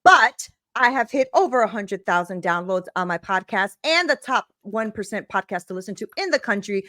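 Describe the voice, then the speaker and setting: A woman's voice: mid-range voice, lively intonation, normal speed, bright, forceful tone, no echo, studio quality. A woman hosting her own podcast, bubbly and hyped up, greeting listeners with "y'all" in an upbeat chat. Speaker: podcast host.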